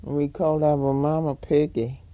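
A woman's voice: deep voice, flat delivery, a little slow, dark tone. An older woman, reminiscing in an oral history interview, rambling and chuckling as she tells stories. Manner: rambling storytelling, frequent chuckles.

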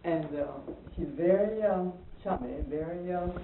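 A woman's voice: lowish voice, unhurried. Woman telling a story on old tape. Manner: animated, acts out quoted voices, hesitant fillers. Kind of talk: casual storytelling conversation. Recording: lo-fi distant echoey archival tape with hiss.

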